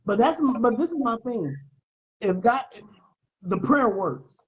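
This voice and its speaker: A podcast co-host tells stories in a casual chat, full of slang, animatedly acting out what people said. His voice is very high-pitched and slow, and the dull lo-fi podcast audio has a noisy background.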